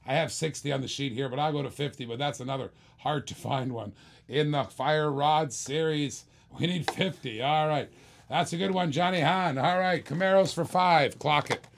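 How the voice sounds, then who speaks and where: A man hosting a live-streamed toy car auction, calling bids in quick repeated bursts with chatty asides to viewers. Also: on the high side, gravelly, a little hiss or hum. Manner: rapid repetitive bid calling, chatty asides. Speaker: auctioneer host.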